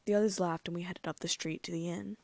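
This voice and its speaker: A woman narrating a first-person fan fiction audiobook in a lively, amused way, close to the mic. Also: fairly low pitch, fast talker, vocal fry, no room sound.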